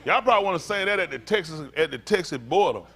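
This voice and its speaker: A pastor joking and teasing his congregation in a playful, animated sermon, laughing often. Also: high-pitched, fast.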